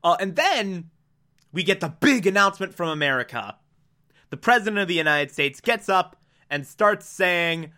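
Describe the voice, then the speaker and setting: A man's voice: high-pitched, lively intonation, moderate pace, bright, forceful tone. A man chatting casually through a story recap, laughing often and throwing in sarcastic asides. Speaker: anime recap host.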